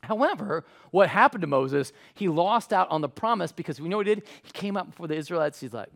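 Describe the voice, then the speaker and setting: A man preaching a sermon in a conversational way, acting out quotes with lively voices. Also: high voice, fast, creaky, few pauses. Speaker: pastor.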